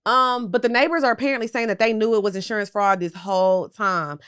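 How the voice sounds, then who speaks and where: A woman's voice: mid-range voice, steady tone, fairly quick, fairly bright tone, clear, resonant tone. A tipsy woman hosting a casual pop culture gossip show, talking bluntly and sassily to her viewers and swearing freely. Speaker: pop culture commentary host.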